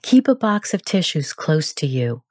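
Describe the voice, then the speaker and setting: A woman narrating a grief support guide in a calm, measured, gentle instructional manner. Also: deep voice, no echo, clean studio sound.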